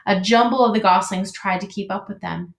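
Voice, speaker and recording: A teacher reading a children's book aloud in an expressive, measured way. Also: female voice, mid-range voice. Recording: echoey room.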